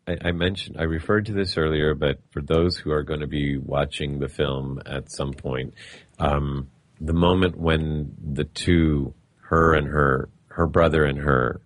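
A man with a non-native accent hosting a studio talk show, playful, halting, with many restarts and laughs. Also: extremely low pitch, no echo. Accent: non-native English accent. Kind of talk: casual studio chat.

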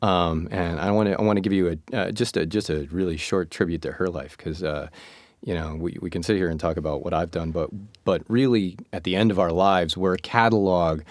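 A man with a very low, deep voice tells an earnest, reflective story as a show guest, often restarting his sentences. The sound is dry and close, with no room around it. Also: fairly even intonation, brisk, dry recording. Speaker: podcast guest. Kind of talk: casual storytelling.

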